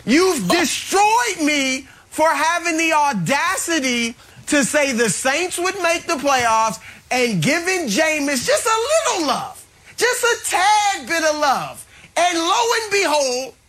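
High, bright, gloating male sports analyst. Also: very animated, slow pace. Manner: gloating, teasing, dramatic emphasis. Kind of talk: studio sports debate.

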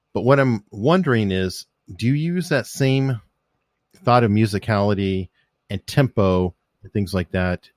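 Low-voiced man asking curious questions. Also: no echo, clean studio sound. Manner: curious, long winding questions. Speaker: interviewer. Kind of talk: conversational interview.

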